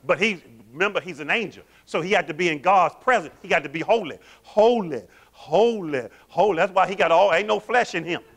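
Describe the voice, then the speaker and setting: Man, pastor, sermon, bright forceful tone, call-and-response questions. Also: sits high, a little fast, hardly any pauses. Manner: animated, quizzes the congregation with call-and-response questions.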